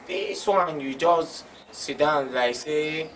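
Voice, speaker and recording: A man's voice: a little high, slow pace, a bit bright, far from the mic, slight background noise. An actor playing a teasing co-worker who coaxes his friend, speaking with a Nigerian Pidgin accent.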